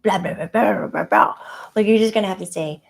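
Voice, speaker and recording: A woman's voice: mid-range voice, fairly quick, gravelly. A woman channeling a playful, childlike spirit guide who speaks in a chatty, rambling way with frequent giggles and fillers.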